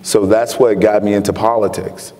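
A man's voice: fairly low pitch, steady tone, normal speed, dark tone. A man from Chicago telling his story earnestly as a guest author in an onstage interview. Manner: earnest storytelling, laughs often. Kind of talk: onstage interview before an audience. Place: lecture hall with an audience. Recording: long reverb of a hall.

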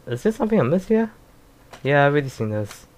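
A man's voice: a little high, sing-song, fast, darkish tone. A man commenting on a game as he plays, reacting with swearing and hesitant fillers. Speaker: gaming video host. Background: violin game music.

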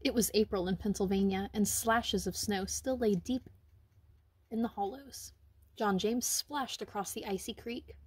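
A woman reading a children's picture book aloud, with gentle, expressive storytelling. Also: mid-range voice, measured pace, husky, no echo. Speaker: reader.

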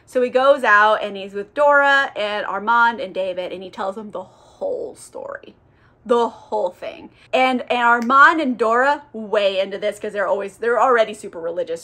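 A woman's voice: mid-range voice, moderate pace, pushed and bright. A young woman recapping a novel in a chatty, profane, casual way, full of filler words. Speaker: book reviewer.

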